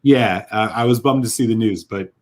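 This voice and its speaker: A man's voice: fairly low pitch, moderate pace. A man co-hosting a casual whisky chat, telling a heartfelt, rambling story with lots of fillers. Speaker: whisky podcast co-host.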